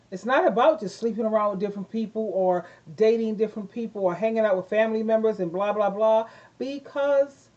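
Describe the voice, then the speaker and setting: A woman's voice: medium pitch, warm tone, dull audio. A middle-aged woman vlogging casual life advice to her viewers, rambling and repeating herself with effusive praise. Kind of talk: casual talk to camera.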